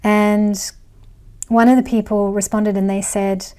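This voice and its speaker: A woman's voice: medium pitch, little pitch movement, measured pace, dark tone. A middle-aged woman vlogger chatting casually as she reads viewer comments, rambling with fillers and laughs. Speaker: astrology vlogger.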